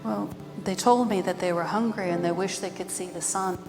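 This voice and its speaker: A woman's voice: lowish voice, fairly even intonation, moderate pace, natural voice. A woman voicing an earnest young man who is searching for his lost wife and keeps asking questions, told live with music underneath. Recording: live with long reverb and background music.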